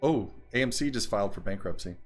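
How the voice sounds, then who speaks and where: A man's voice: lowish voice, expressive, fast, faint music behind. Laughing male co-host reading odd news. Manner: reads headlines aloud, laughs often. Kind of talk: casual comedic news chat.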